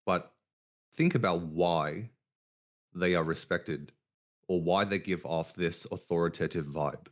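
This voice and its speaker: A man hosting a casual podcast, talking deliberately with a downward inflection at the ends of his sentences, over an online voice call. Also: low voice. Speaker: podcast host.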